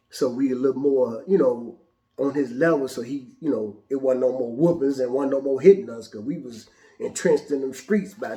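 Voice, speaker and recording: A male host telling a personal story in an animated, casual, profane way, with frequent restarts. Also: medium pitch, reverberant. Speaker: show host.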